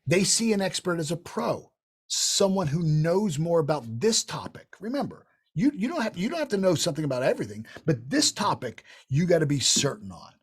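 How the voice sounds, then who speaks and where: A man's voice: fairly high pitch, breathy edge. A middle-aged man leading an online sales training session, talking emphatically and shifting his tone to show examples. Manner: animated, emphatic, demonstrates tonalities with quick voice shifts.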